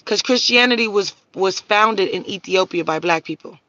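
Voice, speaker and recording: A woman's voice: mid-range voice, moderate pace, sharp tone, no echo, muffled recording. A woman hosting a livestream, talking bluntly and profanely and answering viewers' comments in a preachy, casual rant. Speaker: livestream host.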